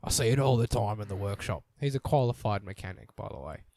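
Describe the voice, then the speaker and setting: A man's voice: lowish voice, expressive, fast, darkish tone, no room sound, clean studio sound. A young Australian man co-hosting a casual podcast, loose and joking, swearing freely. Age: young adult. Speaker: podcast co-host. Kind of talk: casual chat.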